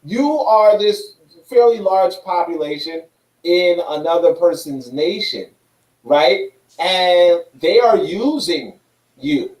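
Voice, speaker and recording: A man with a high voice rambles through a casual podcast discussion, packing his points with fillers and the odd curse. He sounds distant from the mic, in an echoey room. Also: expressive, slow, a little mellow. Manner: rambling, swearing, many fillers.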